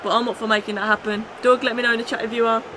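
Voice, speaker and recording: A woman livestreaming a football video game, chatting with her viewers and shouting at the match as it plays out. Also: a little high, very fast, noisy background. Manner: excitable, shouts at the game, then chats casually. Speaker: gaming streamer. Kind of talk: live game commentary and chat reading.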